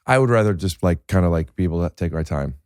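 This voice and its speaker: A man's voice: low-pitched, lively intonation, quick pace, a little mellow, clear, resonant tone, no echo, clean studio sound. A man hosting a podcast, chatting casually, rambling and joking with lots of fillers and restarts. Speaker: podcast host. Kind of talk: casual chat.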